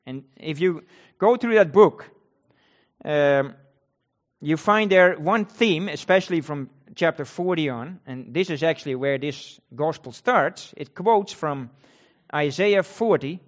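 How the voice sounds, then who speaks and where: A man's voice: fairly high pitch, measured pace. A man preaching a sermon, repeating key words and reading scripture with rising emphasis.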